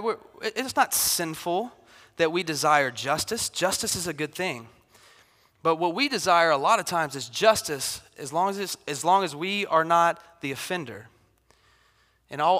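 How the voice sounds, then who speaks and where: Man, 30s, pastor, casual animated sermon, bright tone, long hall reverb. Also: a little high. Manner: casual and animated, acts out Bible figures.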